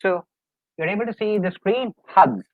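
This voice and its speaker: Middle-aged man, high voice, life coach pleading and repeating to an online class, recorded on a dry, phone-thin call. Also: expressive, moderate pace, no room sound, phone-quality sound. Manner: earnest, repetitive, coaxing the audience. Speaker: life coach presenting a webinar. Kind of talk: live webinar lecture.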